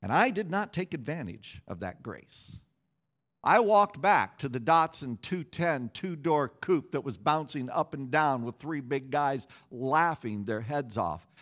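A middle-aged male pastor delivering a sermon, telling a story with lively, self-mocking humor. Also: a little high.

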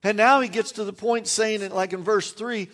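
A man's voice: high voice, fairly even intonation, moderate pace, a bit bright. A man preaching a sermon as a pastor, earnest and emphatic, with wry self-deprecating asides.

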